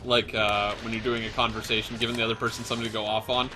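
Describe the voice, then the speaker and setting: A man's voice: on the low side, little pitch movement, very fast, over music. A young man co-hosting a let's play, chatting casually in a rambling way with fillers and laughs. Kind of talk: casual gaming commentary.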